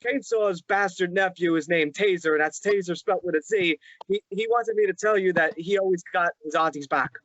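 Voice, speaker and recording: Halting man hosting an interview. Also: sits high, a bit bright, muffled recording. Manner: halting, many fillers and restarts. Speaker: host. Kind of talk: casual interview.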